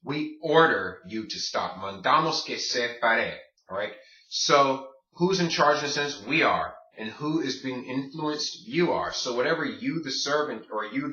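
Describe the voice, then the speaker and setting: A man teaches a Spanish grammar lesson step by step, tossing rhetorical questions to his class. His medium-pitched voice is bright and forceful, but the recording is distant, roomy and muffled.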